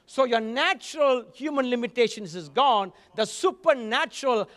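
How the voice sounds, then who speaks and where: High-voiced male preacher telling a story. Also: in a large hall. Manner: storytelling preacher, animated with frequent asides. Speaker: guest preacher. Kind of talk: sermon.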